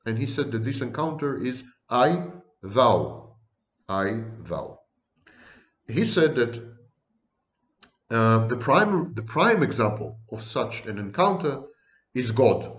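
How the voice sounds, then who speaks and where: A man's voice: medium pitch, big pitch swings, slow pace. Guy lecturing on psych, dry little jokes, kind of echoey and muffled. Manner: dry, ironic asides; lists ideas in rolling phrases. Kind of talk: online video lecture. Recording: roomy, dull lo-fi recording.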